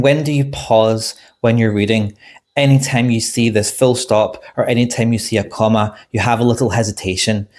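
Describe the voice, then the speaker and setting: A man teaching an English exam lesson to online viewers in a clear, deliberate way. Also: mid-range voice, a little mellow.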